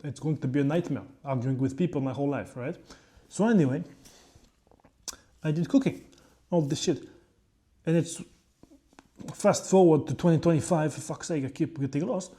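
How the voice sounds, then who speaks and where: French-accented young man, dark voice. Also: on the high side, moderate pace, pauses often. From France. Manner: rambling and profane, with frequent asides. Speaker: chef and fitness creator. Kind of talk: casual vlog monologue.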